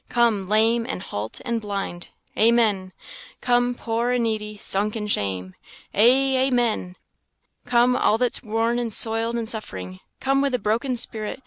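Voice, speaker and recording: A woman voicing a fervent male camp-meeting preacher, calling out loudly to a crowd in an audiobook. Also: on the high side, vocal fry, clean tone, no echo, studio quality. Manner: loud, exhorting, calling out.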